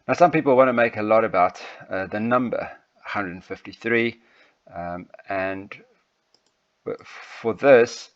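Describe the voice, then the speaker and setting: A lower-pitched man working through a Bible passage as a sermon, thinking aloud with frequent ums and false starts. The recording sounds dull and lo-fi. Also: unhurried. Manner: hesitant, many ums and restarts. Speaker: preacher. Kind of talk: sermon text study with slides.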